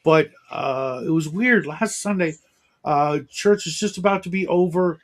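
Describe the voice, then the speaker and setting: A man hosts a casual morning livestream chat, rambling in a self-deprecating way and using lots of fillers. His voice sits on the high side, and he speaks unhurriedly.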